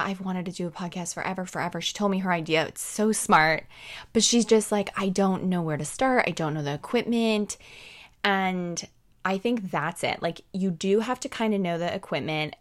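A young woman co-hosting a podcast, talking casually with lots of fillers and laughs. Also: lowish voice. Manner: rambling, filler-heavy, laughs often. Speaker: podcast co-host. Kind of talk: casual chat.

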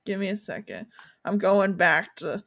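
A woman's voice: medium pitch, a little slow, a bit bright. A young woman hosts a casual book podcast. She talks bluntly with a wry edge and reads passages aloud. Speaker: podcast host.

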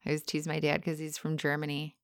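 A woman's voice: low voice, monotone, fast, smooth, no echo. A woman co-hosting a podcast in casual chat, teasing and skeptical, giggling often. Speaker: podcast co-host.

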